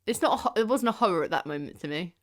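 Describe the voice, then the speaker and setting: A young woman from the UK co-hosting a film podcast in casual chat, eager and animated. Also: lowish voice, very fast. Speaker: podcast co-host.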